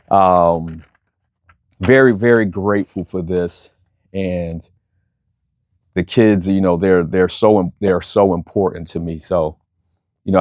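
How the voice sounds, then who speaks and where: A man hosting a podcast, speaking earnestly and reflectively about his youth program, pausing often with fillers while recovering from surgery. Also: deep voice, a little mellow, dry recording. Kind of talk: casual spoken intro.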